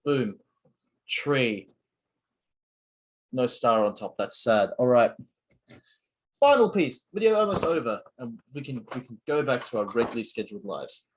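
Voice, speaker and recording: A man's voice: mid-range voice, very animated, measured pace, long pauses, husky. A young man hosting a casual solo chat while building, rambling and self-mocking with a sore throat. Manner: rambling, self-mocking, many fillers and restarts. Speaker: channel host.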